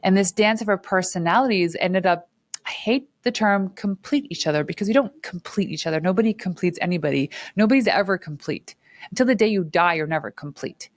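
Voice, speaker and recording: A woman's voice: lowish voice, brisk, no echo. A woman in her forties, an entrepreneur talking candidly to camera from her studio and acting out bits of dialogue. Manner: candid and animated, acts out quoted dialogue with laughs. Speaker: entrepreneur and channel host. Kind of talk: casual talk to camera.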